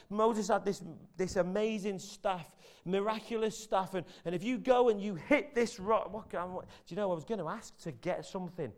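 Guy preaching in a church, high clear voice, jokey storytelling. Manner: chatty, jokey storytelling with restarts. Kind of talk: casual sermon.

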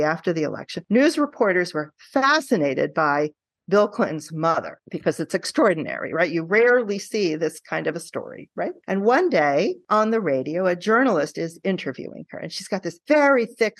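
A woman who teaches qualitative research, guesting on a podcast and telling stories in an animated way, often checking in with "right?". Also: lowish voice, moderate pace, dry recording. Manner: animated storytelling, frequent tag questions.

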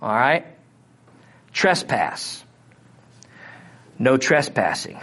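A man's voice: medium pitch, sing-song, extremely slow, bright, forceful tone. A middle-aged man from Missouri with a Missouri accent, teaching a Bible lesson in a conversational way and often checking in with his listeners. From Missouri, USA. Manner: conversational, asks the audience questions. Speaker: preacher.

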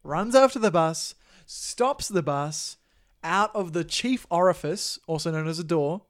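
A man's voice: a little high, expressive, a little slow. A man co-hosting a film podcast in casual chat, joking with mock-stern asides. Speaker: podcast co-host.

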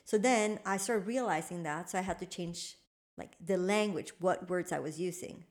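A woman's voice: on the low side, normal speed, a little mellow. A woman co-hosting a podcast in casual chat, talking reflectively and often murmuring agreement. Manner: thoughtful, reflective, frequent affirming murmurs. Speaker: podcast co-host and trainer.

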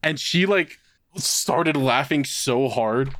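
A young man co-hosting a podcast, telling a story in an animated, swearing, casual way. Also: medium pitch, slow. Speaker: podcast co-host. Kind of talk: casual chat.

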